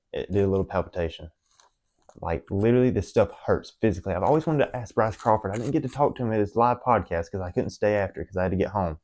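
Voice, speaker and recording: A young adult vlogger with a drawl talks to the camera in a fairly low, slightly mellow voice. He earnestly rambles through a personal confession, tripping over restarts and filler words.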